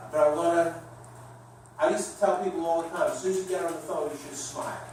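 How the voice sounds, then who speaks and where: A middle-aged man giving a sales training lecture to a class, coaching in an animated way. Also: on the high side, a little hiss or hum. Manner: animated coaching, demonstrates with his voice. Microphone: distant room mic. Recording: echoey room recorded from far off.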